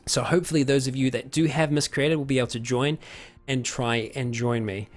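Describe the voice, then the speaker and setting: A man's voice: mid-range voice, fairly even intonation, a little fast, faint music behind. Rambling man on a live stream. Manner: rambling, many fillers and restarts, chuckles often. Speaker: streamer hosting a viewer Q&A. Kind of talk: casual live-stream chat.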